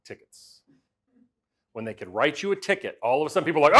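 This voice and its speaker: A middle-aged man giving a lively storytelling talk, swinging from loud to quiet as he acts out the voices he quotes. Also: a little high, fast talker. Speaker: speaker.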